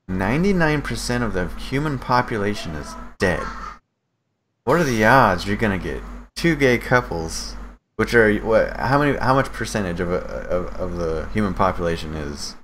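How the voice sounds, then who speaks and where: Low-pitched male co-host, rambling casual podcast talk, light background noise. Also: big pitch swings, moderate pace, fairly bright tone. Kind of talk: casual chat.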